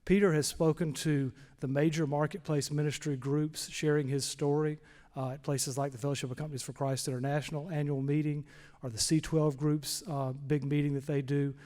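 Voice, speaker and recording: A man's voice: on the high side, flat delivery, fairly quick, dark tone. Man introducing a speaker in a hall. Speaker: host introducing the guest speaker. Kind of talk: formal introduction. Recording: long hall reverb.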